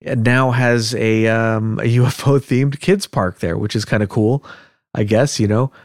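A man's voice: lowish voice, fairly even intonation, a little slow, no echo, clean studio sound. Laid-back male podcast host. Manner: easygoing, chuckles often between points. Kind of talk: casual chat.

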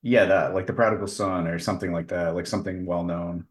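A man's voice: deep voice, fairly even intonation, fast talker. A man co-hosting a podcast in casual chat, hesitant, with many "like"s and restarts. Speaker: podcast co-host.

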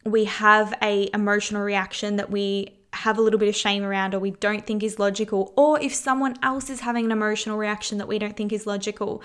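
A woman's voice: mid-range voice, fairly bright tone, clear, resonant tone. A woman hosting her own podcast, talking casually and frankly with lots of "you know" and "like" and free swearing. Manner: frank and candid, swears freely; chatty, many fillers like "you know" and "like". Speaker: podcast host. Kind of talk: casual solo podcast talk.

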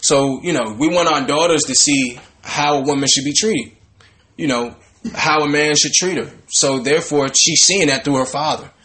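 Animated preaching man, lively talk. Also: on the high side, moderate pace. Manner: animated, conversational, breaks into laughter and mock voices. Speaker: Bible study teacher. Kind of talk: preaching commentary on scripture.

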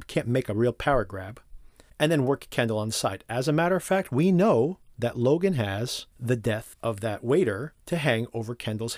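A man hosting a solo podcast, recapping a TV episode in an animated, conversational way and acting out characters' lines. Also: medium pitch, dry recording, studio quality. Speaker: podcast host.

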